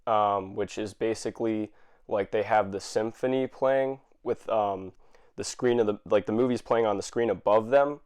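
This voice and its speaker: A man ranting to camera, exasperated and swearing, with many fillers and restarts and sudden bursts of shouting. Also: lowish voice, moderate pace. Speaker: vlogger. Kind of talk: angry rant to camera.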